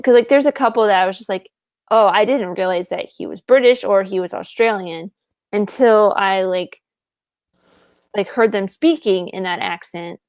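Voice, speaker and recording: A woman co-hosts a podcast in a relaxed, chatty way, with filler words all through her speech. Her voice sits at an ordinary pitch, and the recording is dry and close, with no room sound. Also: moderate pace, dry recording. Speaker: podcast co-host. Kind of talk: casual chat.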